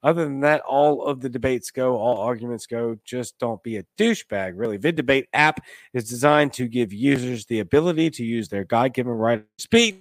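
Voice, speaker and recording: A man hosts a casual livestream chat in a loose, rambling way, swinging between loud bursts and muttered asides. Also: mid-range voice, fairly quick, hardly any pauses, no echo. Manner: loose and rambling, with swerves in loudness and pace. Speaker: host.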